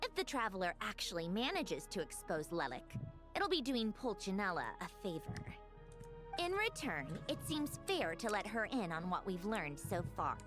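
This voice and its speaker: A woman's voice: medium pitch, big pitch swings, normal speed, lightly acted. A woman voicing Sandrone, sardonic and swooping. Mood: teasing. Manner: teasing, sarcastic, laughing between lines. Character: sardonic haughty female Harbinger, dry wit. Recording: game voice over clear music.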